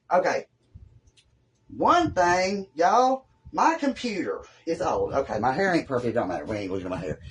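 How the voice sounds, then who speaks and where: A man with a Southern US accent hosts a live craft tutorial from home, rambling in a folksy way while he works. His voice is fairly high-pitched, and there's a little hiss or hum on the recording.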